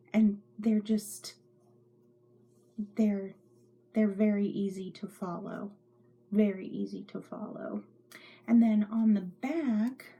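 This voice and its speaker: A woman's voice: mid-range voice, gravelly, warm tone, breathy edge. A middle-aged woman hosting a knitting podcast from her home craft room, rambling chattily and often dropping into whispers. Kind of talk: casual show-and-tell chat.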